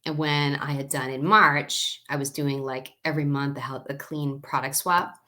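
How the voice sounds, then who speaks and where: A woman's voice: deep voice, steady tone, normal speed, pushed and bright. A woman in her forties telling a personal story in a chatty, rambling way, with many fillers and tag questions. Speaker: wellness vlogger.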